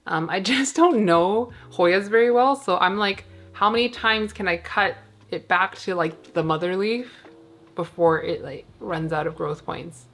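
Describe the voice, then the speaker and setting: A woman with a slightly low voice talks casually while she works through her plant cabinet at home. She rambles and fills her sentences with "like". Her tone stays easygoing and chatty. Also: a little slow, a bit bright. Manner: chatty and rambling, full of "like" fillers. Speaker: plant vlogger.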